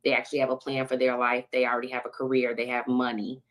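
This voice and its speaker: A woman's voice: rumbling low, completely flat delivery, fast talker. A woman on a discussion panel giving her opinion in a matter-of-fact, opinionated way. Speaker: panel guest.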